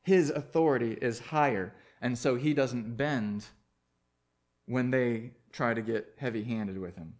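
A man preaching a sermon, reading scripture, praying, then telling a story in a relaxed, conversational way. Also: mid-range voice, measured pace. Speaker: pastor.

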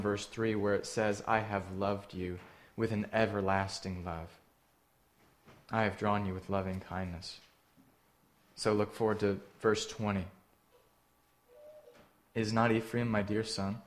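A man preaching a sermon, earnest and direct, asking the listeners questions and swinging between emphatic lines and hushed ones. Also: lowish voice. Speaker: pastor.

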